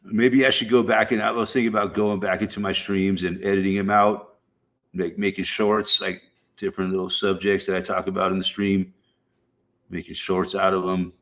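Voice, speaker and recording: A man's voice: deep voice, level tone, moderate pace, a bit bright. A man streaming, chatting casually in a rambling, profane way with frequent fillers. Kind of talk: casual chat.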